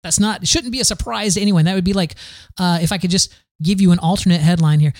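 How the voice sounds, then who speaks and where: A man's voice: high-pitched, very animated, fairly quick, no echo, clean studio sound, soft background music. Rambling sarcastic male podcast host. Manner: rambling, sarcastic, many fillers and restarts. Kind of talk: casual news commentary.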